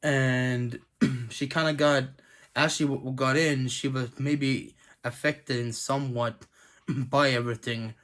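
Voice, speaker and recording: A tired man giving a casual spoken review of a TV episode, halting often and clearing his throat between fillers and restarts. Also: medium pitch, fairly even intonation, a bit bright.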